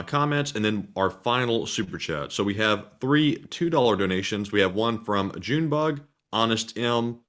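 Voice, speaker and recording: A man co-hosting a livestream, reading out viewer donations and questions in a plain, steady way. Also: fairly low pitch. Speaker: co-host reading super chats.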